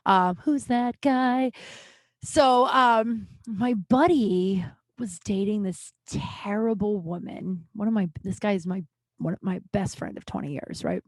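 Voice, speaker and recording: A woman comedian hosting her podcast, telling a story in a rambling, swearing, filler-heavy way and jumping into high, animated voices for the people she quotes. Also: unhurried, no echo. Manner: swears freely and bluntly. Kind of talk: casual comic storytelling.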